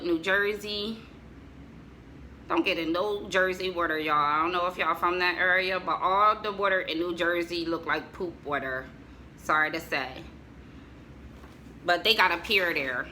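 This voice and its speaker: A middle-aged woman from the United States chats casually with viewers while showing family photos, joking and laughing along the way. Her lowish voice has a sharp tone. The audio is poor, with a little hiss or hum.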